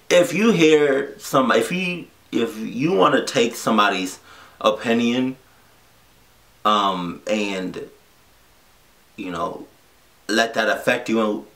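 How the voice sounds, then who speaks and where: A man's voice: fairly low pitch, a bit bright. A man vlogging from the heart, earnest and emotional, restarting his phrases and swearing as he presses his point. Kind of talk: heartfelt reaction vlog talk.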